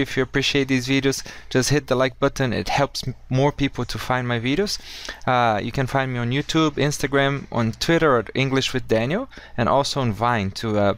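Upbeat and friendly, a man teaches English in a casual video lesson, slowing down to model each correct phrase. His voice is medium-pitched and smooth.

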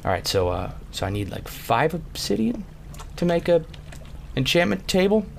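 A man's voice: fairly high pitch, sing-song, normal speed, vocal fry, a little mellow, slight background noise. A man giving casual, playful game commentary, goofing around and slipping into silly voices as he plays. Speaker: let's play gamer.

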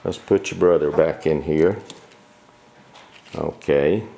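A man with a very low, gravelly voice narrates a casual home video in his kitchen. He speaks slowly and coaxes puppies toward the camera, his tone easygoing and patient. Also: mellow. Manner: coaxing, talks to puppies. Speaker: dog breeder filming puppies.

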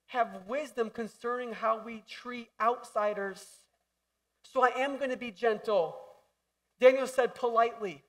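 Young male pastor with a high voice, animated and jokey, preaching on a stage mic. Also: a little slow, distant mic. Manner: animated, jokey, acts out voices and shouts for emphasis. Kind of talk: sermon. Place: church hall.

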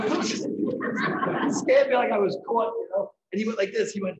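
Animated man telling painting stories. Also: high voice, moderate pace, few pauses, roomy sound, slight background noise, poor audio. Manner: animated anecdotes, acting out what others said. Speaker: decorative painter giving a demonstration. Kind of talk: storytelling during a live demonstration. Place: event hall.

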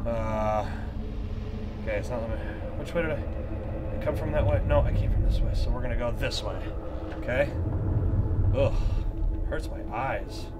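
A man's voice: medium pitch, moderate pace, long pauses, very noisy. A man giving nervous, joking, profanity-laced commentary while playing a horror game. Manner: jumpy, swearing, nervous joking asides. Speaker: gaming channel host.

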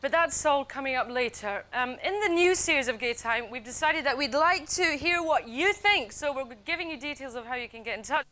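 A woman's voice: sits high, animated, a little fast, hardly any pauses, bright, forceful tone. A young woman hosting a chat show, teasing her guest cheekily and giggling between questions. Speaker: TV presenter.

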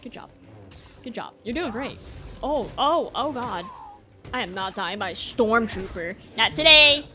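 A woman's voice: medium pitch, expressive, unhurried, pauses often, fairly bright tone, faint music behind. A woman giving jumpy, exclaiming commentary as she plays a video game and talks back to it. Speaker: gameplay streamer. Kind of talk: let's play commentary.

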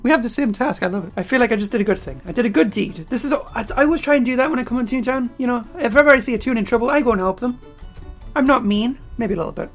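A man giving casual game commentary while playing, excitable and prone to loud outbursts, his throat getting strained. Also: extremely high pitch, very fast, faint music behind. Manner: excitable, bursts into loud yelling. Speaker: let's play gamer.

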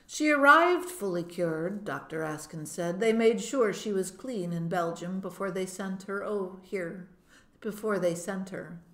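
A kindly, gentle male doctor speaking calmly and reassuringly, read by a woman. The voice sits in a middle register. The audiobook recording has a roomy echo. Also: mid-range voice, a little slow. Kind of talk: audiobook reading.

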